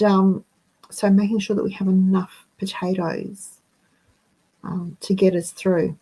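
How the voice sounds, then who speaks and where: Breathless and chatty, a female host reads viewer comments aloud during a casual live chat with her audience. Her voice is mid-range and a little mellow, and the recording is rough.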